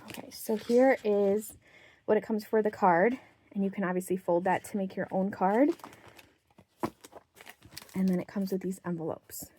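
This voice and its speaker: A woman's voice: mid-range voice, normal speed, long pauses. Young woman vlogger, chatty bargain show-and-tell, a bit breathless, faint noise and crinkling packaging behind her. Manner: chatty, excited about bargains, reads out prices. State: slightly out of breath. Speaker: craft haul vlogger. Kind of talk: casual show-and-tell haul.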